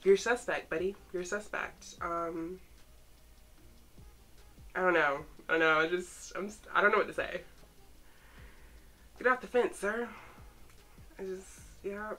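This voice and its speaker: A young woman with a slightly low voice talks casually, reacting to photos. She is excitable and teasing and addresses the pictures directly as if they could hear her. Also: measured pace, pauses often. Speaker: fan vlogger reacting to photos.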